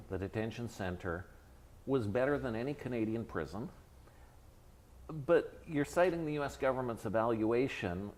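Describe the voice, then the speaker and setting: A male interviewer presses his guest with challenging questions in a measured way. His voice sits at an ordinary middle pitch. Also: darkish tone. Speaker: newspaper editor, interviewer. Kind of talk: sit-down interview.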